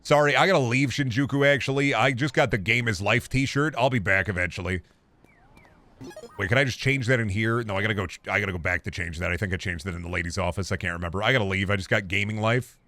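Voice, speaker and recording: A man's voice: lowish voice, quick pace, pushed and bright, no room sound. A young man streaming a game from his home setup, talking to himself in a rambling, profane way into a close desk microphone. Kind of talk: casual gaming stream commentary.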